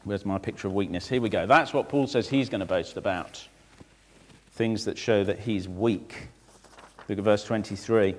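A man preaching through a Bible passage, conversational and animated, acting out the verses with asides to his listeners. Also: lowish voice, normal speed. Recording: long reverb of a large hall.

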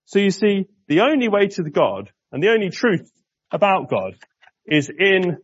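A man preaching a sermon in a church, chatting with the congregation and slowing down to stress key words. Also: sits high, very animated, no echo, highs cut off. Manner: conversational, asks the congregation questions.

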